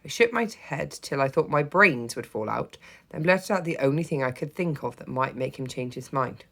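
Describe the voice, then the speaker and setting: Woman with a super low voice reading a kids book out loud, expressive and a bit funny. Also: normal speed, creaky. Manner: expressive first-person narration, lively and gently humorous. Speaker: teacher reading to a class. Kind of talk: storybook read-aloud.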